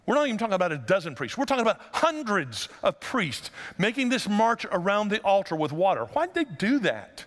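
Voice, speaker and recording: A man preaching a sermon as pastor, conversational and joking, then rising to loud emphatic passages. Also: high-pitched, sing-song, fairly quick, hardly any pauses, in a large hall.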